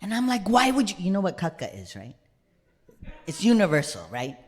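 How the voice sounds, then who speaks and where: Animated man telling a stand-up story. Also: high-pitched, normal speed. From United States. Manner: animated, swings between loud punchlines and hushed whispered asides; chatty, keeps checking in with the crowd. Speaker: comedian and solo performer. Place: live stage before an audience.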